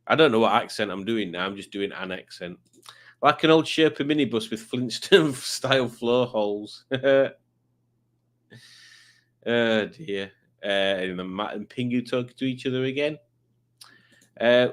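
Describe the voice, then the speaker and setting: A man's voice: lowish voice, normal speed, fairly bright tone. A man hosting a live stream, reading viewer comments in a rambling, playful, self-deprecating way.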